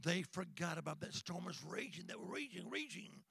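High, gravelly shouting evangelist man. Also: sing-song, moderate pace, no room sound. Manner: rhythmic call-and-response preaching, swings between shouting and hushed whispers. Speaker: evangelist preacher. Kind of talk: sermon. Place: church sanctuary.

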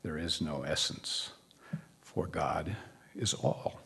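A man doing a hushed, calm old rabbi. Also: rumbling low, slow pace, gravelly, husky, pitched below the performer's own voice, full character voice. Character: calm wise old male rabbi, patient.

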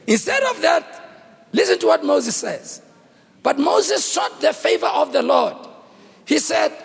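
A man preaching a dramatic sermon, acting out the dialogue with shouts. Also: extremely high pitch, very animated, a little slow, creaky, long pauses, big-room sound.

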